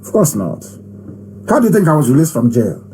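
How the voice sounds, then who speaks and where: A man with a high-pitched voice delivers an impassioned live broadcast. He hammers the same short phrases over and over with long pauses between them. A faint hiss sits under his voice. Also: very animated, mellow, poor audio. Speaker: movement leader hosting a live broadcast.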